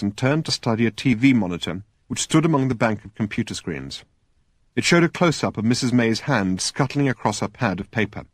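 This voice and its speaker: A man reading an audiobook in an expressive, storytelling manner. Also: mid-range voice, brisk, dry recording, clean studio sound. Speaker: audiobook narrator. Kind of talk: scripted narration.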